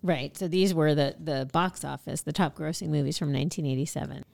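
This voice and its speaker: A woman's voice: sits low, steady tone, brisk, creaky, a little mellow. A woman co-hosting a podcast, chatting casually and guessing playfully. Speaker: podcast co-host. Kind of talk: casual chat.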